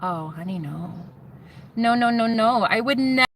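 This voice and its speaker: A woman's voice: fairly high pitch, lively intonation, moderate pace, recorded from a distance, slight background noise. A woman voicing a cold, scornful woman who condescendingly calls her "honey" and accuses her.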